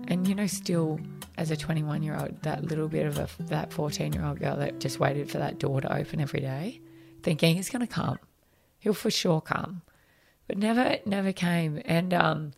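Low gravelly Australian woman. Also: darkish tone. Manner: frank, conversational, reenacts dialogue with many fillers. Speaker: podcast guest. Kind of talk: candid personal storytelling.

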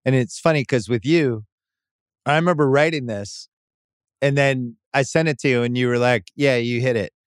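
A man's voice: medium pitch, moderate pace, clean tone, no echo, studio quality. A man in his fifties hosting a podcast, talking bluntly in casual interview chat and swearing freely. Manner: blunt, swears freely, builds a point by retelling. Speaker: podcast host.

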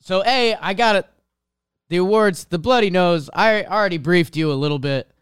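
A man's voice: sits high, normal speed, smooth, dry recording, studio quality. A man hosting a podcast in a loose, conversational way, often laughing. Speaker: podcast host. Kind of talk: casual chat.

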